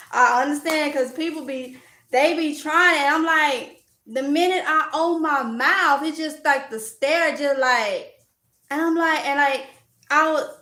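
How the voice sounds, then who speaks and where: Loud chatty mississippi woman, high bright voice, echoey room. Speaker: vlogger. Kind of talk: casual chat answering viewer comments. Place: at home while organizing.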